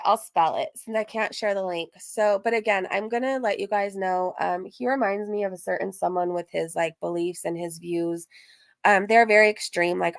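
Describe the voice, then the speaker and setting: A woman live-streaming in a casual, chatty way, animated, with frequent laughs and "like" fillers. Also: medium pitch, no echo. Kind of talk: casual chat.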